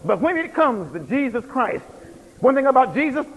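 A man's voice: extremely high pitch, sing-song, moderate pace. A man preaching a sermon with emphatic, rhythmic delivery and repeated phrases. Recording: long hall reverb.

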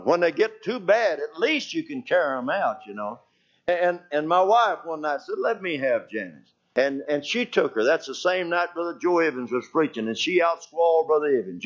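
An older man preaching a sermon as pastor, telling folksy stories with shouted quotes and cries of hallelujah. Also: on the high side. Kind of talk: anecdotal sermon. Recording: dull lo-fi church recording.

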